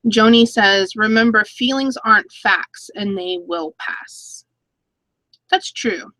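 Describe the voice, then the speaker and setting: A woman's voice: mid-range voice, slow pace, pushed and bright, no echo, low-quality recording. A woman in her thirties hosting a casual live-stream chat, reading viewer comments aloud and laughing between stories. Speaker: YouTube channel host.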